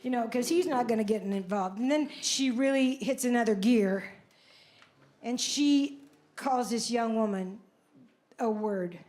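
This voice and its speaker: A woman's voice: on the high side, a little slow, darkish tone. A woman in her seventies doing live stand-up comedy, telling stories in a brash, self-mocking way with big exclamations. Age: 70s. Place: comedy club stage. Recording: club stage mic with audience noise. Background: audience laughter.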